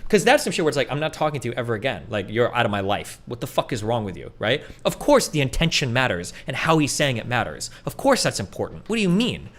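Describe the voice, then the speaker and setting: A man's voice: mid-range voice, sing-song, fast talker, few pauses, fairly bright tone. A man hosting a talk stream, giving profane, heated commentary and acting out quotes in a mocking voice. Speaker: podcast host.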